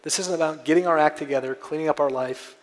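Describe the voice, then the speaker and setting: A man's voice: fairly high pitch, quick pace, big-room sound. A man preaching a sermon in a church, with an earnest, conversational manner of telling stories. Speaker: pastor.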